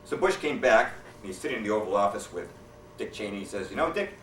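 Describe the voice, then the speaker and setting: A man's voice: lowish voice, lively intonation, fast, a bit bright, distant mic, slight background noise. Man telling jokes in an echoey hall. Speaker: stand-up comedian. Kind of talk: stand-up joke telling. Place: hotel meeting room. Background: audience laughter.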